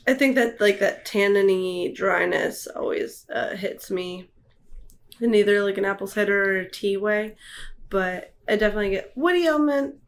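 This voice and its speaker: Female co-reviewer, mid-pitched, relaxed tasting chat with dry one-liners. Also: moderate pace. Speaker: beer reviewer co-host.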